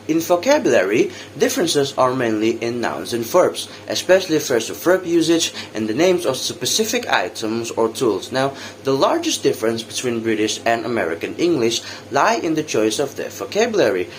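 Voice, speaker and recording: A young man with an Indonesian accent, giving a practice English lesson as a student teacher and repeating example words slowly for drilling. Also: mid-range voice, slight background noise.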